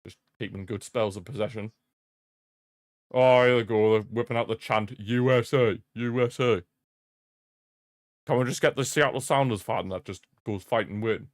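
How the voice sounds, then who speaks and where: A man's voice: lowish voice, moderate pace, no echo, studio quality. A young man hosting a live football watch-along stream, chatting casually and commenting on the match with frequent laughter and repeated jokey rants. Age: young adult. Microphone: streaming desk mic.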